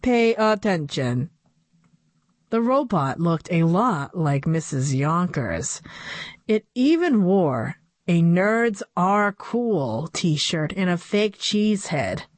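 A woman's voice: on the low side, big pitch swings, takes it slowly, dry recording. A woman narrating a children's book in a playful first-person storytelling voice. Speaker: audiobook narrator.

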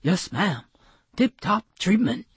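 Brief: woman voices young male dog bellhop, nervous, eager to please, slow dry storybook read. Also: medium pitch, big pitch swings, slightly rough, dry recording, heavily acted.

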